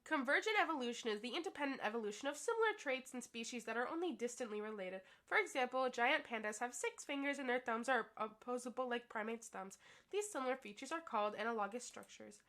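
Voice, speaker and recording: A shy, anxious teenage schoolgirl from a game story, read by a woman. She rattles through her lines fast and nervously, in a slightly high voice. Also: lively intonation, a bit bright. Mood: rushed, nervous. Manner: rushed, anxious delivery.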